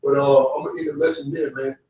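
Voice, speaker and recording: A man's voice: a little high, level tone, quick pace, dark tone, far from the mic, a little hiss or hum. A man co-hosting a religious stream, talking bluntly and ramblingly with heavy profanity. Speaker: co-host. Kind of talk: heated religious stream talk. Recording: echoey room, away from the mic.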